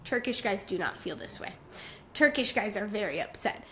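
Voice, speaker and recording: A woman's voice: normal speed, slight background noise. A young woman co-hosting a podcast, telling a story in casual chat and acting out the other people's voices. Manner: animated, acts out voices with big pitch jumps. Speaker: podcast co-host.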